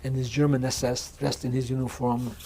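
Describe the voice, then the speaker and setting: A man in his sixties giving a measured oral history testimony in an interview, often restarting and repeating words as he speaks. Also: medium pitch, little pitch movement, warm tone, slight background noise. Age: 60s. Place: museum interview room.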